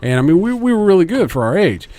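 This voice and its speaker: A man's voice: sits high, big pitch swings, fast talker, warm tone, no echo. A man, podcast co-host, telling a long story in casual chat, rambling and swearing a lot.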